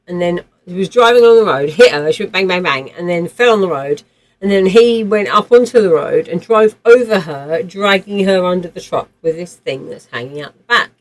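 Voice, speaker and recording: Over poor audio, a woman with a medium-pitched voice livestreams a game while telling a vivid personal story. She rambles, swears, and restarts her sentences often.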